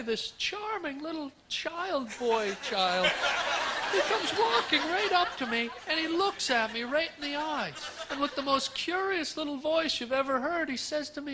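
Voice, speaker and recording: A man performing a stand-up comedy set on stage, rambling in a mock-sincere way with absurd nonsense wordplay. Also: very high-pitched. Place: comedy stage before a live audience. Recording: live stage recording with audience noise.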